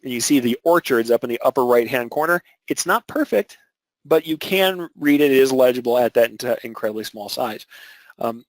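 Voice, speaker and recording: A man's voice: mid-range voice, normal speed, no echo, rough recording. A man teaching an embroidery webinar, explaining technique step by step with filler words and restarts. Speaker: embroidery instructor.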